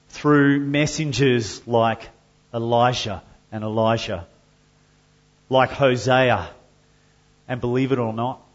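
A man preaching a sermon to his church, measured and earnest, with loud emphatic passages when he reads scripture. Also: mid-range voice, lo-fi sound. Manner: slow and deliberate, rising to loud emphatic scripture reading. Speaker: pastor.

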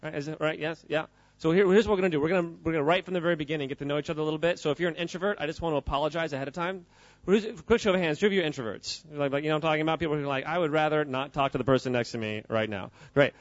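A man's voice: fairly high pitch, fairly even intonation, rapid-fire, no room sound, muffled recording. Playful man talking to a crowd. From United States. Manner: playful, joking, quizzes the crowd. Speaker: speaker at a church gathering. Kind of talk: informal talk to a live audience.

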